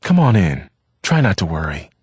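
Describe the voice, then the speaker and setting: A man's voice: deep voice, sing-song, a little mellow, breathy edge, dry recording, heavily acted. A man playing a kindly hostess. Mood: gentle. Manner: kind, hurried. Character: welcoming woman hostess, gentle and tactful.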